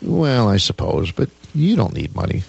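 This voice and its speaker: A man's voice: on the low side, very animated, normal speed, gravelly, a little mellow, slightly rough, dry recording, highs cut off. A man hosting a radio show, chatting in a folksy, casual way with many fillers.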